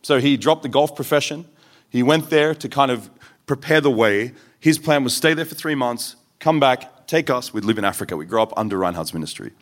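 Male preacher, mid-pitched, earnest testimony-style delivery with acted quotes. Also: lively intonation, fairly quick, a bit bright. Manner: earnest storytelling with quoted voices. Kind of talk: sermon testimony.

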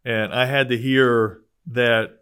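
A man hosting a podcast in casual chat, talking haltingly with many restarts. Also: medium pitch, flat delivery, a bit bright, smooth. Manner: hesitant, restarts a lot. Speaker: podcast host.

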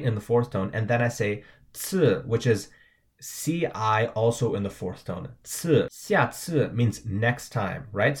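A young man giving a patient video lesson, spelling out words letter by letter and often checking in with the viewer. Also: medium pitch. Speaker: language teacher.

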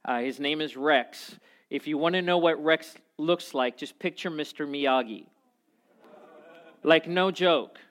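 A pastor delivers a sermon in a chatty, animated storytelling way. His voice sits a little higher than most men's. He jokes and asides freely while preaching. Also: a little slow.

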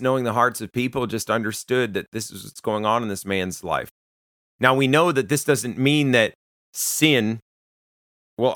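A man preaching a sermon, walking through a scripture passage in a plain, earnest way and posing rhetorical questions. His voice sits low, and the recording is dry and close with no room echo. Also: a bit bright.

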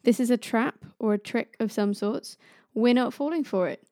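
A stern male dwarf craftsman flatly refuses to be tricked, as a woman puts him on. He speaks firmly and with distrust. The sound is mellow and dry. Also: on the high side, normal speed, dry recording, lightly acted. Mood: suspicious. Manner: firm, distrustful.

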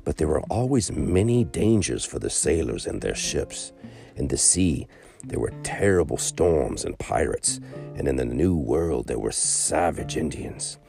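Deep gravelly storyteller man. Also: very animated, unhurried, warm tone, soft background music. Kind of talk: bedtime story narration.

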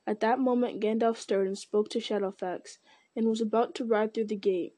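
A woman reading an audiobook in a measured narrating voice, with occasional slips. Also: fairly high pitch, fairly even intonation, mellow.

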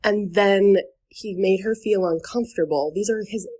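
A woman's voice: medium pitch, moderate pace, darkish tone, husky. A young woman from New Hampshire telling a dating story in casual podcast chat. She talks chattily, with lots of fillers and "like", and laughs between sentences.

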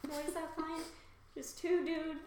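A woman's voice: high voice, level tone, measured pace, a little mellow, very echoey, a little hiss or hum. A woman co-hosting a podcast in casual chat, cracking teasing jokes. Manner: joking, teasing asides. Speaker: podcast co-host.

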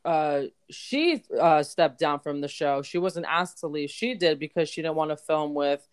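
A woman's voice: sits low, moderate pace, clear, resonant tone. A young adult woman co-hosting a podcast, chatting casually and gushing, with casual swearing. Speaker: podcast co-host. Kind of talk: casual chat.

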